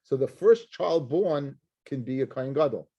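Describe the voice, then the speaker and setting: A middle-aged rabbi teaching a Talmud class, talking animatedly and slipping between English and Hebrew and Aramaic terms. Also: male voice, medium pitch, animated, normal speed, mellow, dull audio.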